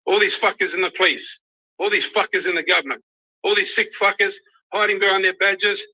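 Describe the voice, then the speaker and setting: A man's voice: sits high, steady tone, a little fast, bright, forceful tone. An angry, emotional Australian man ranting on a livestream, swearing constantly. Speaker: youth worker ranting on a livestream. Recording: dull lo-fi livestream audio.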